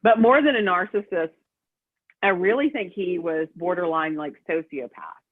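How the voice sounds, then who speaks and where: A woman guest in a casual interview, telling a personal story in a lively way and acting out what people said. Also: fairly low pitch, moderate pace, no echo. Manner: lively storyteller who acts out quoted voices. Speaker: guest, prison matchmaker. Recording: tinny phone-like line, dry.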